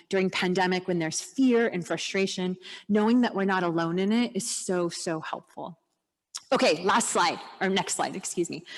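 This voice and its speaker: A woman's voice: mid-range voice, long reverb tail. A woman therapist giving an earnest, encouraging church talk with slides, walking through her points one by one. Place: church hall.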